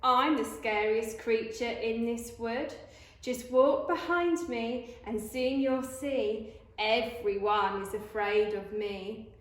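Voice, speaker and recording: A tiny, clever storybook mouse who talks big and bold, as a woman puts him on. The voice sits high and moves slowly, with an echoey room around it. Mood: boastful. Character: small clever brave mouse.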